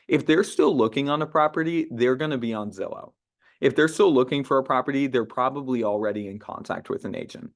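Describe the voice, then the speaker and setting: A man's voice: mid-range voice, a little fast. Chatty young man coaching sales calls. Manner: conversational, many "uh" fillers and restarts, acts out sample phone lines. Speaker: sales trainer. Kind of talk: casual team training talk.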